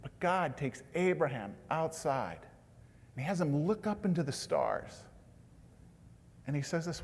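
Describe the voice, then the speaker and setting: Male pastor preaching, a bit high-pitched, swings between hushed and emphatic, long reverb of a big church hall. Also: expressive, a little slow, long pauses, a little hiss or hum. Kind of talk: sermon.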